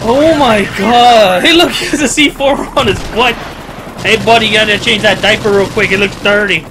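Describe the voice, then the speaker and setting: A man giving excited commentary over shooter gameplay, swearing, whooping and muttering to himself to calm down. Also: high voice, normal speed, noisy background. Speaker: gaming commentator. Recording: loud game gunfire under the voice. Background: gunfire and explosions from the game.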